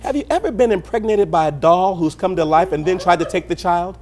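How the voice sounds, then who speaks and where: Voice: mid-range voice, a little fast, a little mellow, a little hiss or hum. A talk show host running a joking quiz game, teasing the guest and laughing at their own jokes.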